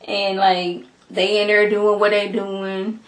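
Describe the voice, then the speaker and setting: A woman casually reviewing a TV episode, animated and emphatic, talking back at the characters. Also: mid-range voice, takes it slowly, roomy sound. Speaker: TV show reviewer.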